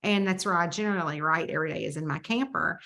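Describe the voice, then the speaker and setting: Southern woman, crisp bright voice, chatty guest who acts out dialogue. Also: low voice, fast talker. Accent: Southern American. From Southern United States. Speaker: mystery author, interview guest. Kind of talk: casual storytelling interview.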